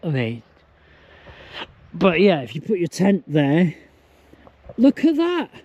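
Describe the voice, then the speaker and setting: A man's voice: on the high side, warm tone, husky, no room sound. A man vlogging outdoors at a campsite, a bit drunk and hiccuping, rambling and mocking himself as he talks to a handheld camera. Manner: rambling, self-mocking, slow and loose. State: tipsy with hiccups. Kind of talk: casual vlog monologue.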